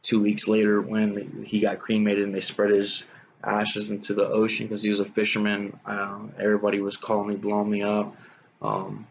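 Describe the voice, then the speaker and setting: A man's voice: on the low side, moderate pace, creaky, muffled recording, slight background noise. A young man telling his own life story in a casual, rambling way, full of "man" and "you know".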